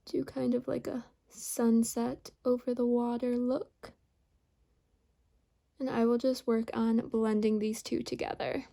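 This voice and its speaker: A woman beauty vlogger narrating a makeup tutorial, calmly explaining each step. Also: on the high side, slow pace, creaky.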